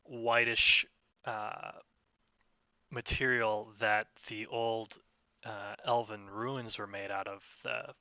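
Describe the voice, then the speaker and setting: A man narrating as game master of a tabletop role-playing game, relaxed and hesitant, with many fillers. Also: fairly low pitch, takes it slowly, smooth, dry recording, highs cut off.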